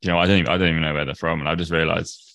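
Male contestant, deep voice, self-deprecating banter. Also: flat delivery, rapid-fire, a bit bright. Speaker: quiz contestant. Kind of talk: casual podcast chat.

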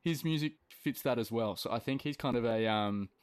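An Australian man hosting a music podcast in an upbeat, casual way, with plenty of relaxed slang. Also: mid-range voice, moderate pace, smooth, no room sound. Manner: upbeat, laid-back slang. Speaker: podcast host. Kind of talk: casual chat.

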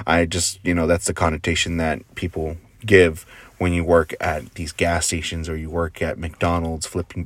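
A man with a very deep voice delivers a rambling, earnest motivational talk. He swears casually and keeps dropping into quiet asides. The sound is dry and close, with no room around it. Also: no room sound. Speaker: motivational speaker.

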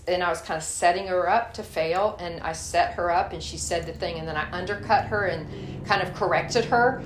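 A woman giving a candid, folksy sermon with a personal story, speaking to a church group and calling them y'all. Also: lowish voice. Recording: echoey room, faint hiss.

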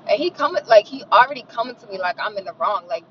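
A woman's voice: medium pitch, quick pace, lo-fi sound, a little hiss or hum. Profane, indignant woman venting in a car. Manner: profane, animated and indignant, mutters affirmations softly. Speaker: vlogger ranting to camera. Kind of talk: casual venting monologue.

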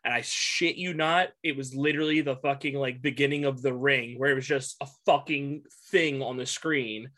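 Swearing, rambling young man, bright voice. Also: medium pitch, fairly even intonation, normal speed, few pauses. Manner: rambling, laughs often, swears freely. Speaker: guest. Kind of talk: casual podcast chat.

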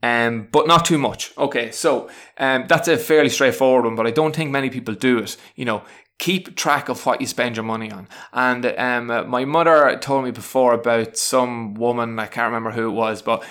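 A man's voice: mid-range voice, moderate pace, a bit bright. A man, a teacher, casually talking through his personal tips. He rambles and restarts often and sounds frank and chatty. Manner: rambling, many restarts and fillers; frank, chatty, self-deprecating. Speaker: teacher sharing self-help tips. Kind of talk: casual spoken advice monologue.

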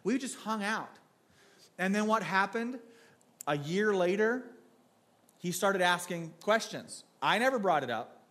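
A man's voice: high voice, expressive, unhurried, pauses often, a bit bright. A man preaching a sermon in a church in a casual, joking storyteller's way, restarting his sentences often.

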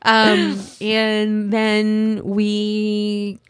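A young woman telling a personal story on a podcast, loose and rambling, with "like" in nearly every sentence. Her voice sits at a middle pitch for a woman. The sound is close and dry, with almost no room around it. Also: monotone, drawn-out words, clean tone, dry recording. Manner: rambling, heavy use of "like", emotional.

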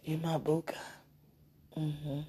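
Soft-voiced woman, mellow and slow, sweet-talking into a phone up close. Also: deep voice, level tone, a little hiss or hum. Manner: tender, sweet-talking, teasing. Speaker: partner leaving a voice message. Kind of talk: intimate phone message. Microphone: phone held close to the mouth.

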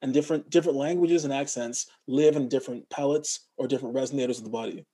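A man from Montreal, an actor and guest in a casual interview, telling stories in an animated way and mimicking other people's voices. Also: mid-range voice, fast, slightly rough. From Montreal, Canada.

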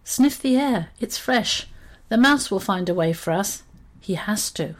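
A woman voicing a gentle, loyal male monkey in a storybook reading, speaking in a soft, soothing way. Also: mid-range voice, animated, unhurried. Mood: firm.

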